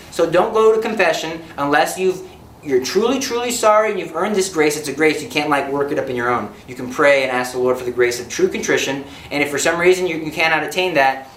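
A male preacher giving a sermon in an animated, joking manner, acting out little scenes as he teaches. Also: a little high, reverberant, slight background noise, rough recording.

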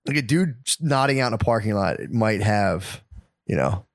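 A man's voice: fairly low pitch, normal speed, no room sound, studio quality. Profane man telling a story. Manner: profane, animated storytelling with quoted voices. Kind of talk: casual storytelling chat.

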